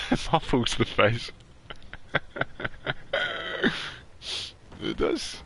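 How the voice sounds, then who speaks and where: A Scottish man chatting casually with viewers while streaming a game from his warm bedroom, laughing often. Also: very high-pitched, huge pitch swings, very slow, husky. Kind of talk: casual live gameplay chat.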